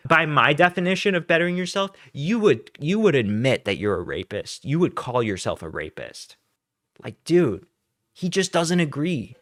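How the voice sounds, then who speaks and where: A man's voice: medium pitch, fairly bright tone, no room sound, studio quality. A young man doing ranting YouTube commentary, sarcastic, blunt and profane.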